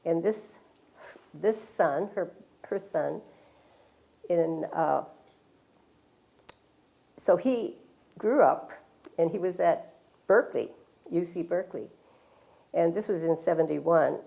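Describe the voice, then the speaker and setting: A woman's voice: lowish voice, slow, creaky, pauses often, dark tone. An older woman, an author, telling a personal story to a library audience in a conversational way, acting out the lines of others as she goes. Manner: conversational, quotes others in dialogue, many fillers. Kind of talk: storytelling at a public talk. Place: public library, in front of an audience.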